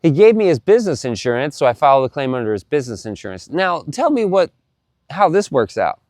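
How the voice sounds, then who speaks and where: Profane, animated man telling a story. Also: on the high side, fast, dry recording, studio quality. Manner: animated, profane, repeats himself. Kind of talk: casual storytelling to camera.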